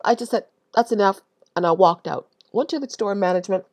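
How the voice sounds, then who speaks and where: A woman's voice: medium pitch, animated. A woman speaks to camera in an earnest, unpolished religious testimony. She stops and restarts often, doubling back over her own words as she tells her story. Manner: earnest, halting, with frequent restarts and repetition. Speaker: Christian vlogger.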